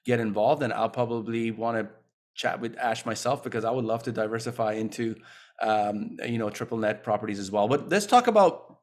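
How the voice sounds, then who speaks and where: A man co-hosting an interview podcast who asks long, loosely built questions and often restarts them. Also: medium pitch. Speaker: podcast co-host. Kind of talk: casual interview talk.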